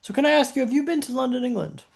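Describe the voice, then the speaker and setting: A man's voice: extremely high pitch, very fast, creaky, darkish tone. A man, a podcast guest, telling a dramatic personal story in punchy short phrases with rhetorical questions.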